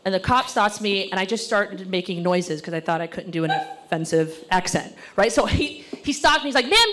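A woman in her thirties performing a stand-up comedy set on stage, acting out other people's voices in quick bursts. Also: mid-range voice, fairly bright tone. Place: stage before a laughing audience.

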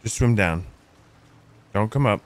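A young man playing an online pirate game with a friend, reacting quickly and joking, often restarting his sentences. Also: lowish voice, animated, a little hiss or hum. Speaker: co-player. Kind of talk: casual gameplay chat.

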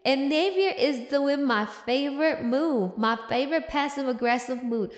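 Casting: chatty, sassy woman host, high voice, roomy echoey sound. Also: normal speed. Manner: chatty, sassy, laughs often. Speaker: comic recap host. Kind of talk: casual comic recap. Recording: roomy echo with long reverb.

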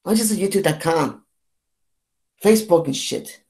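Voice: medium pitch, animated, normal speed, darkish tone. Fed-up young vlogger ranting. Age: 20s. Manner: fed-up, rambling and repetitive, with swearing and false starts. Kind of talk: ranting vlog monologue.

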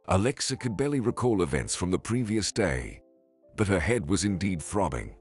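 A man narrating a scripted story in an expressive storytelling manner. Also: sits low, normal speed, breathy edge. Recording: faint background music.

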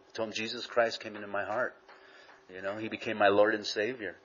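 A man's voice: on the low side, level tone, a little fast, a bit bright. A middle-aged man from Southern California preaching a sermon in a conversational way, with lots of "you know" asides. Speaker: pastor. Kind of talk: sermon with personal storytelling. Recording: dull lo-fi recording.

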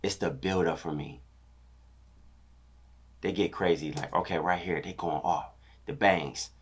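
Hyped man counting beats aloud, low voice. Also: unhurried, slightly rough. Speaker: dance teacher reacting to choreography. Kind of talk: excited reaction commentary.

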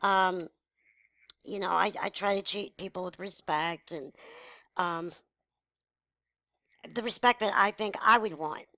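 A woman's voice: medium pitch, a little slow, pauses often, a bit bright, dry recording, highs cut off. A woman in her forties telling a personal story to her viewers, frank, emotional and blunt. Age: 40s. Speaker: vlogger. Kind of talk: candid personal story to camera.

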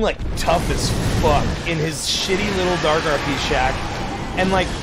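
Against a noisy background, a young man with a high voice talks through his game stream. Excitable and profane, he rambles on and lets out loud yelps whenever something surprising happens in the game.

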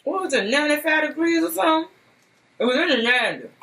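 A woman's voice: high-pitched, expressive, fast, gravelly, sharp tone, poor audio. A woman hosting a mukbang eating show, chatting in an upbeat casual way and talking straight to her viewers. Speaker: mukbang host. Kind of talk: casual chat while eating.

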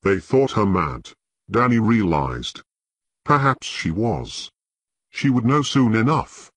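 A man narrating a fantasy audiobook with expressive storytelling. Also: on the low side, slow pace, husky, dry recording.

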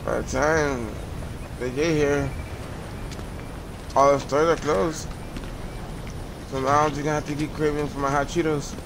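A man's voice: on the high side, fairly even intonation, a little slow, pauses often, background noise. A man streaming a game live, rambling and swearing casually as he plays. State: out of breath. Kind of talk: casual live gameplay commentary.

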